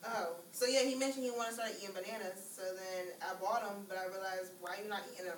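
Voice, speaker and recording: A woman's voice: mid-range voice, steady tone, quick pace, few pauses, echoey room, distant mic, rough recording. A woman chiming in as a guest in casual chat, matter-of-fact and laughing. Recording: off-mic.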